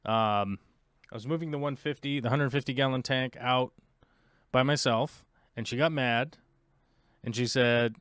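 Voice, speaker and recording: A rambling man chatting casually as a show host, his voice smooth and resonant. The sound is dry and close, with no room around it. He drifts between topics and pokes fun at himself. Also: mid-range voice, normal speed, long pauses, a bit bright, no room sound. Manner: rambling, chatty, self-mocking. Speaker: podcast host. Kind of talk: casual livestream chat.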